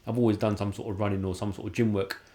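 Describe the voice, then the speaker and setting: A man talks quickly in a fairly low voice. He tells candid stories from his own life and slips into the voices of the people he quotes. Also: flat delivery, dark tone. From London, England. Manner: casual, acts out quoted dialogue in his stories. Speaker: podcast guest. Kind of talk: candid personal storytelling.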